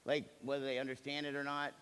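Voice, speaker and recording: A fast-talking executive in his forties, his medium-pitched voice clear and resonant, plays out the characters' lines as he tells stories during a motivational seminar. It's recorded in a big, reverberant hall with a live crowd.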